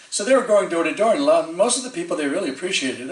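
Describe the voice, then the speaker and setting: A man giving a storytelling sermon as a preacher, lively, acting out the quoted voices of the people in his story and chuckling often. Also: on the high side, racing, hardly any pauses. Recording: echoey temple hall from far off.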